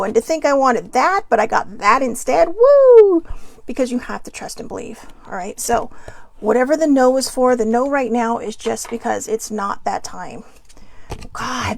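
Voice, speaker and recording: Chatty gravelly-voiced woman reading cards. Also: on the high side, dry recording. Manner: chatty, rambling, upbeat with playful asides. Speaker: host reading oracle cards. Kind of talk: casual spiritual chat to viewers.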